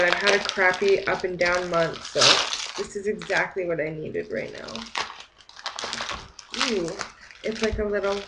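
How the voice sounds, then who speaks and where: A young woman chatting excitedly while opening a gift package, gasping and gushing over each item. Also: mid-range voice, noisy background. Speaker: beauty vlogger. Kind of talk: excited unboxing chat. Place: home kitchen.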